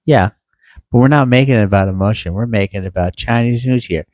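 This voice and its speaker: Easygoing guy with a lowish voice, joking around on a podcast, lots of likes and you knows. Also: fast talker, a little mellow, dry recording. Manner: easygoing, joking, many fillers. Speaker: podcast co-host. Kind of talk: casual chat.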